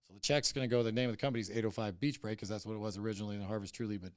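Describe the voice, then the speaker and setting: A man's voice: on the low side, steady tone, racing, darkish tone, no echo, studio quality. A middle-aged man, a company boss on a podcast, telling a story bluntly and heatedly with heavy swearing. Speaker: cannabis company CEO, podcast guest. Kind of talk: casual interview storytelling.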